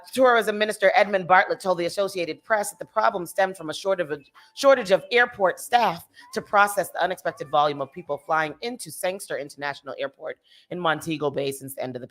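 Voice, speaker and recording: A woman's voice: on the low side, a bit bright. A woman co-hosting a morning radio show, reading news and bantering playfully. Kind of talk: casual chat and news reading.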